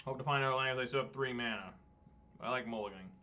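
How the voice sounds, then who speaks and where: Speaking quickly at a medium pitch, this married man sounds bright and forceful as he streams a card game. His casual commentary rambles and turns self-deprecating, and the adult's dull lo-fi mic flattens the sound.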